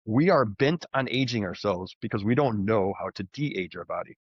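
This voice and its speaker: A man telling his story as a podcast guest, animated and conversational, often restarting his sentences. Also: on the low side, moderate pace, breathy edge, no room sound. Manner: animated, frequent restarts and fillers. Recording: dull, slightly muffled podcast audio.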